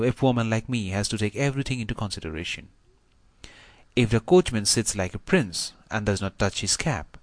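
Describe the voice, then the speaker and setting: Audiobook: male reader as a chatty, confiding country doctor, middle-aged, lowish voice, dry recording. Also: no echo, natural voice. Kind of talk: audiobook reading.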